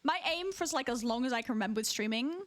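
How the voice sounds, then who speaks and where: Woman streamer, high voice with a wide, bouncy pitch range, casual rambling chat with frequent giggles. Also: expressive, very fast. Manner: chatty, giggly, rambling with restarts. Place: alone in her room.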